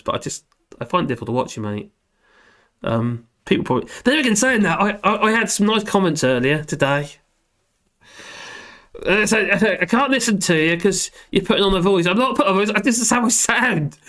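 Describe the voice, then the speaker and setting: A hoarse man rambling and joking through a casual livestream chat, reading out comments. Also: sits high, animated, brisk, fairly bright tone. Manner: rambling, self-deprecating, laughs often. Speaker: livestream host.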